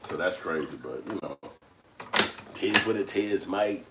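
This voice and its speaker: Reading live chat on his casual stream, this middle-aged host talks loosely and profanely and laughs a lot. He speaks in a low voice at a measured pace, with heavy background noise.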